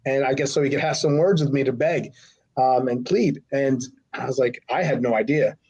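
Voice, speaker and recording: A man's voice: medium pitch, moderate pace, a little mellow, husky. A middle-aged man telling a long, rambling anecdote as a podcast guest and acting out the other people's lines in voices. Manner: rambling, acts out quotes with voices. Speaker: podcast guest, former wrestler. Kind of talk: casual storytelling. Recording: slightly dull lo-fi audio.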